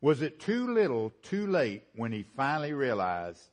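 A man preaching a sermon, swinging from rising, emphatic build-ups to hushed low lines and repeating phrases for emphasis. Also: wildly swooping pitch, normal speed.

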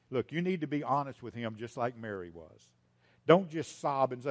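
A male pastor delivering a sermon at a middle pitch. He repeats his key lines for emphasis and speaks straight to the congregation as folks, swinging from loud to hushed. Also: expressive, normal speed.

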